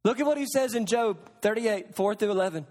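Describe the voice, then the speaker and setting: A male pastor with a very high voice preaches in a hall with long, ringing reverb. He swings from low, hushed lines to loud, emphatic ones and presses his point with sarcastic rhetorical questions. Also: lively intonation, fairly quick. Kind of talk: sermon.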